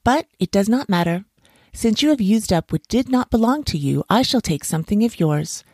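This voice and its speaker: A woman's voice: mid-range voice, expressive, normal speed, breathy edge, dry recording, studio quality, pitched above the performer's own voice. A woman voicing a surly, greedy male monkey in a storybook, speaking in a raised, indignant tone. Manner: yelling, indignant.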